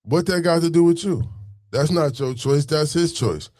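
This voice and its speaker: Animated slangy male storyteller. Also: on the high side, moderate pace, dry recording. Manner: animated, street slang, repeats phrases, rants. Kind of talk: casual storytelling monologue.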